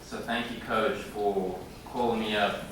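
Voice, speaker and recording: A man in his thirties delivers an acceptance speech in a halting way, with frequent pauses and filler sounds. His voice sits low. It comes from across a very echoey banquet hall, with clear room noise behind him. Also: fairly even intonation, recorded from a distance. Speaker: hall of fame inductee. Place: large indoor banquet room.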